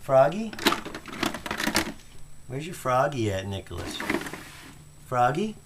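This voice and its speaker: A woman with a very low voice calls out to a toddler again and again in a home video. Her coaxing questions rise and fall with a lively pitch, and clear background noise rides under the recording. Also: slow pace. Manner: repeated coaxing calls to a child.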